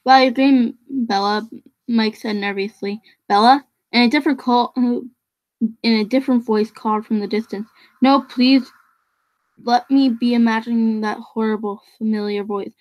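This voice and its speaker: Casual reader: a woman with a raised pitch who trips over words while reading a novel aloud. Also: fairly even intonation, normal speed, a little mellow, no room sound, poor audio. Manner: stumbling over words, restarting phrases.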